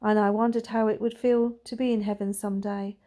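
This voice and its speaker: Woman gently reading a story aloud. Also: medium pitch, level tone, brisk. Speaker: reader.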